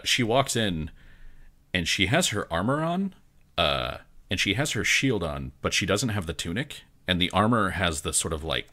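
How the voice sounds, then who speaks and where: A man runs a tabletop game, narrating casually with frequent fillers. His voice is low, with a bright, forward tone. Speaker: game master.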